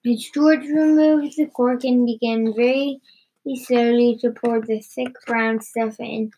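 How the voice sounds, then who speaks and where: A woman reading a children's story aloud in a halting way, often stumbling and repeating words. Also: fairly high pitch, fairly even intonation, dark tone, a little hiss or hum, rough recording. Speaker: reader.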